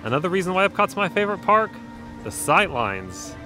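A man's voice: high voice, big pitch swings, brisk, music in the background. A man vlogging his day outdoors at a theme park, upbeat and enthusiastic as he talks to viewers. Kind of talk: casual vlog narration.

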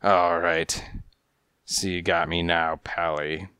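A man voicing a menacing male gangster alley cat with a raspy voice and tough-guy street slang, in a storybook reading. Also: low voice, little pitch movement, slow pace, pushed and bright, no echo, clean studio sound, exaggerated voice. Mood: threatening.

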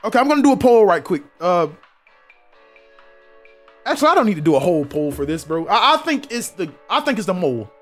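High-pitched and fairly quick, a young South Carolina man streams a game over soft background music, pausing often. His commentary stays casual and jokey, and he keeps turning to talk with his chat in an animated way.

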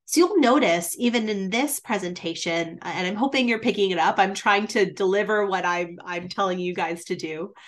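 A woman's voice: medium pitch, normal speed, few pauses. A woman teaching presentation skills in a webinar, shifting her volume and pace for emphasis, with frequent "um" fillers. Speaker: business presentation instructor.

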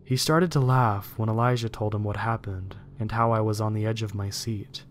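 A man reading a first-person horror story aloud in a steady, measured narration. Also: lowish voice, slight background noise.

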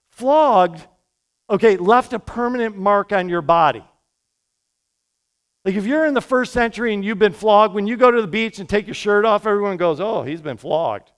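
A male pastor preaching a sermon in a church, energetic and conversational, with quick asides to the congregation. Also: sits high. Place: church sanctuary.

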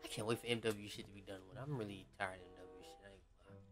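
A man giving casual gameplay commentary as a gaming YouTuber, slangy and profane, often shouting at the game. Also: lowish voice, steady tone, racing, music in the background.

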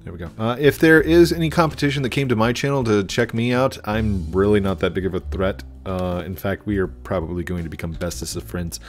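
A man's voice: fairly low pitch, fairly quick, hardly any pauses, faint music behind. A man chatting casually and rambling while he plays a game, easily distracted. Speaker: gaming YouTuber. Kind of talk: casual gameplay commentary.

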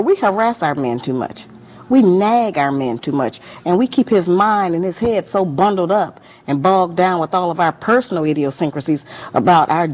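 A woman being interviewed as an author, speaking in an earnest and deliberate way. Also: lowish voice, slightly rough. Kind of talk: televised interview.

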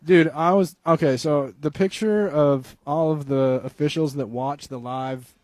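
A man's voice: fairly high pitch, unhurried, a little mellow, dry recording. A man co-hosting a comedy podcast, mock-debating with crude jokes in casual banter. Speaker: podcast co-host.

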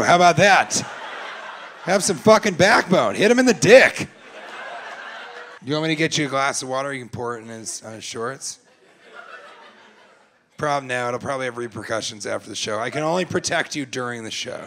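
A man's voice: medium pitch, expressive, normal speed, long pauses, a bit bright, slight background noise. A man doing crowd work in stand-up comedy at a club, brash and profane, teasing people in the audience and slipping into mocking voices of them. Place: comedy club stage before a live audience.

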